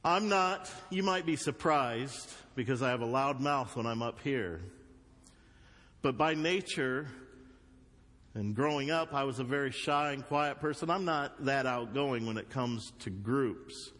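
A male pastor with a Southern US accent, preaching a sermon with loud emphatic bursts and quieter earnest asides. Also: mid-range voice, a little slow. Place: church sanctuary. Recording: long hall reverb.

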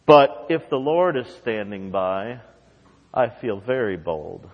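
A male pastor delivering a sermon, dropping to soft, low asides and then climbing into loud, ringing emphasis. His voice carries a long reverb tail, like a large sanctuary. The sound is somewhat dull and muffled. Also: animated, slow pace.

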